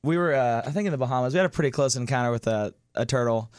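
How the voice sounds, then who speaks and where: A man's voice: mid-range voice, very fast, clean tone. A man guesting as a musician in a radio studio, rambling and self-deprecating in casual chat. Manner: rambling, self-deprecating, lots of "like" and "you know". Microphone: studio microphone.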